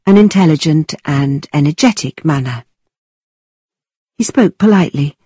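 A woman reading a classic novel aloud in a measured, expressive storytelling manner. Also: low voice, breathy edge, dry recording. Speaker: narrator. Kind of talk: scripted audiobook narration.

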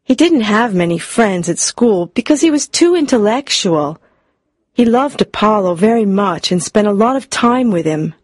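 A woman narrating a storybook reading, expressive and clear for learners. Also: mid-range voice, moderate pace, no room sound, clean studio sound. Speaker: audiobook narrator.

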